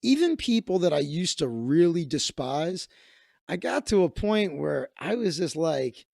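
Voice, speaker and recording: A man's voice: on the high side, very animated, a little slow, creaky, a little mellow, no echo, clean studio sound. A comedian hosting a livestream, a man telling stories in casual, rambling, profane chat with many restarts.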